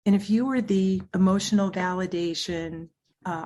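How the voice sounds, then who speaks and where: A woman speaking as a clinical psychologist guest in a podcast interview, talking in an animated way and acting out the voices she quotes. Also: mid-range voice, moderate pace.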